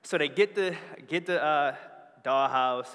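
A man preaching a sermon, telling stories in an animated way that builds in energy. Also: fairly high pitch, measured pace. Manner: animated storytelling with rising energy. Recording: long hall reverb.

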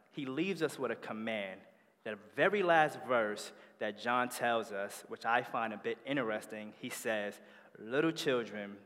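Man, preacher, animated storyteller, mid-pitched, long church-hall reverb. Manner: animated storytelling with rising energy. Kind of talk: sermon.

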